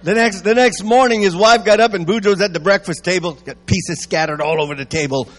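A man's voice: high-pitched, a little fast. A Cajun man, a guest preacher, telling folksy jokes from the pulpit and chuckling along. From Houma, Louisiana. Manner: folksy storyteller, chuckles at his own jokes. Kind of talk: sermon with folksy joke-telling.

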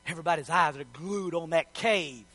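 A man's voice: a little high, normal speed, sharp tone, slightly rough, faint music behind. A man preaching a sermon, telling the story in a folksy, joking way.

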